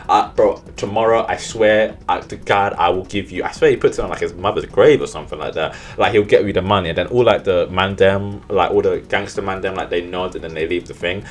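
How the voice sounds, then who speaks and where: A young man recapping a film in casual, rambling commentary, swearing and mocking himself. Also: fairly low pitch. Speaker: movie reviewer.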